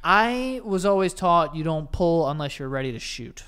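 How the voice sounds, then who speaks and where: A man's voice: on the high side, animated, normal speed, fairly bright tone, clean tone. A man co-hosting a podcast, trading blunt, profane, slangy banter in casual chat. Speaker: podcast co-host.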